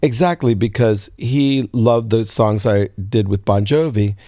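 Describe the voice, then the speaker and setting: A man in his sixties telling a long story as an interview guest, acting out quoted lines in a higher voice. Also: unhurried, no echo, clean studio sound, faint music behind. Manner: animated storyteller, acts out quotes in a high voice. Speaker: guest songwriter.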